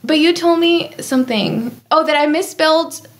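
A woman's voice: high-pitched, moderate pace. A bubbly woman in her twenties, chatting casually as a podcast guest, giggling often and saying "like" a lot. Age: 20s.

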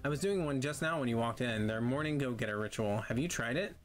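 A man's voice: medium pitch, fast, lightly acted. A man reading out the lines of a flustered, chatty woman witch in a video game, in an eager, rambling, self-conscious way. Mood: flustered chatter.

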